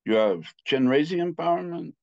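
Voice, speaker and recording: A man's voice: on the high side, lively intonation, a little fast, creaky, no room sound, pitched above the performer's own voice. A man voicing a fierce elderly male lama teacher who talks in short, clipped exclamations. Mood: probing. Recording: slightly muffled dry recording.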